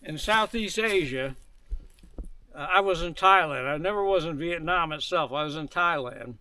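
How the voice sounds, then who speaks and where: A man's voice: fairly high pitch, expressive, moderate pace, sharp tone, clean tone. An older man on a forest hike, talking casually and telling a story with dry humor, recorded outdoors on a camera mic. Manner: dry storytelling, chuckles at his own jokes. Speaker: hiking guide.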